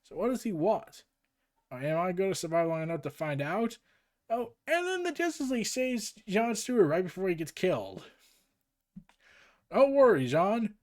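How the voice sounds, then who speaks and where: A man's voice: sits high, very animated, normal speed. A man recapping and reading through a comic book, with jokey asides.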